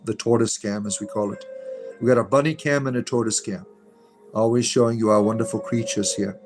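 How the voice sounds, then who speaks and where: A man's voice: on the low side, fairly even intonation, a little fast, faint music behind, low-quality recording. A man hosting a casual livestream, talking bluntly and swearing casually. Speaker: livestream host.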